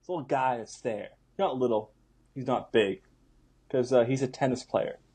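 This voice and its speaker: A man's voice: medium pitch, moderate pace, a little mellow, husky. A man co-hosting a podcast, telling a story in casual chat with joking asides. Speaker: podcast co-host.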